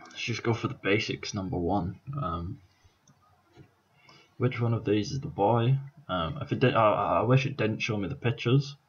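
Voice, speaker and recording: A Scottish YouTuber in his twenties gives casual vlog commentary, swearing and thinking aloud with plenty of ums, worn out after staying up all night. His voice is on the low side and husky, at a normal speed, with the highs cut off.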